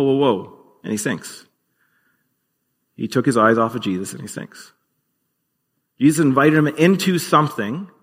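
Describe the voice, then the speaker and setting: A man's voice: mid-range voice, fairly bright tone, slightly rough, long reverb tail. A man preaching a sermon as pastor, earnest and conversational, with occasional fillers.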